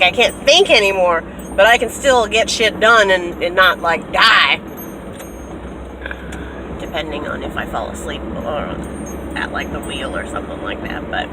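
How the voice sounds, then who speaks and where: Animated young woman, noisy car. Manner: animated storyteller, acts out quotes with big pitch jumps. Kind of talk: casual storytime vlog.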